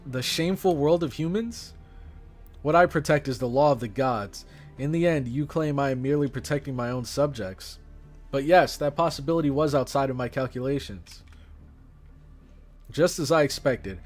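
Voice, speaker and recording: A man voicing a proud, arrogant pharaoh king while reading game dialogue aloud, speaking in a haughty, cold, deliberate way. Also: mid-range voice, close to an everyday voice.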